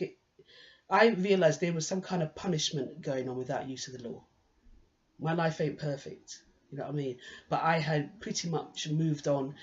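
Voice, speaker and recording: A woman talks through an unscripted monologue from a swivel chair, rambling and candid and often restarting her sentences. The recording is dull and lo-fi. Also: low-pitched. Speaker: monologue performer. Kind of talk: improvised personal monologue. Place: indoors, sitting on a swivel chair.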